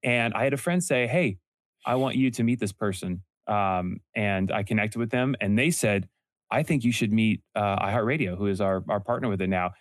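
A man's voice: fairly low pitch, no echo. Earnest young man, dry close sound. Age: young adult. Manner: earnest storytelling, quick self-corrections. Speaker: podcast host and entrepreneur guest. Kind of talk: casual interview talk.

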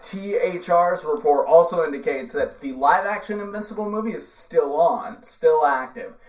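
A man's voice: on the high side, lively intonation, normal speed, echoey room. A man in his thirties co-hosting a casual podcast, laughing often and restarting his sentences. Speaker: podcast co-host. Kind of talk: casual chat.

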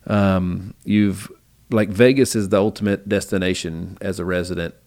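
A man's voice: sits low, steady tone, normal speed, darkish tone. A man hosting a podcast interview, enthusiastic and rambling, often restarting his sentences. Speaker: podcast host. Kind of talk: casual interview chat.

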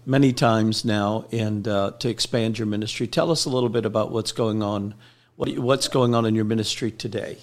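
A man hosting an interview, asking questions in a halting way with many fillers and restarts. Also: on the low side, fairly even intonation. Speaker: show host.

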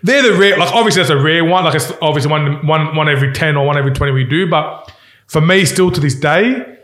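A man with a fairly high voice tells a long story as an interview guest, stumbling and restarting his sentences as he goes. He sounds animated and casual. The room around him has a noticeable echo. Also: quick pace. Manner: rambling, restarts often, animated retelling. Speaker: company co-founder, guest. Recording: echoey room.

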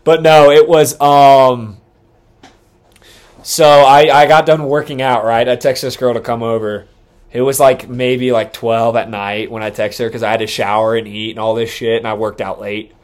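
A young man in casual podcast chat, boastful and crude, his voice jumping up when he gets excited. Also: medium pitch. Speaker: podcast co-host.

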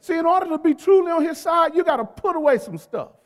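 Male pastor, very high voice, call-and-response sermon with emphatic stresses, long hall reverb. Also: animated. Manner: call-and-response preaching, urging the congregation to repeat words; emphatic, drawn-out stresses on key phrases. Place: church sanctuary.

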